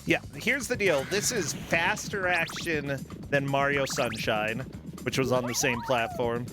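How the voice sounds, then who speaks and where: A man with a mid-range voice hosts a laid-back game stream. He chats along and throws in playful, jokey remarks. Music plays clearly in the background. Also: mid-range voice, a little slow. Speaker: show host. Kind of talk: casual joking stream chat. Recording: music playing behind.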